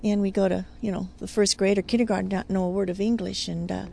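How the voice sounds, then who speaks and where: A woman's voice: medium pitch, flat delivery, quick pace, creaky, darkish tone, slight background noise. An older woman whose first language is Italian, chatting casually and reminiscing with small laughs. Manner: chatty, laughing between remarks. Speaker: interviewee.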